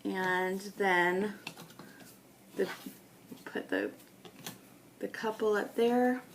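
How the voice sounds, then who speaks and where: Woman, from New England, casual think-aloud talk, mid-pitched voice, faint background hiss. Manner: thinking aloud, unhurried, with many ums. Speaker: scrapbooking video maker. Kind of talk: casual talk while sorting photos.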